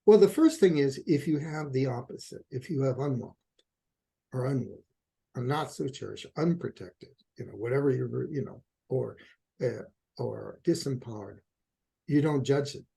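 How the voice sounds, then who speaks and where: A middle-aged man speaks as a couples therapist in a relaxed interview, his voice gravelly and a little husky. He is a lively storyteller who slips into the voices of the people he quotes. His tone sits on the darker, mellow side. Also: mid-range voice, normal speed. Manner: animated storyteller, acts out quotes. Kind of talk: conversational interview answer.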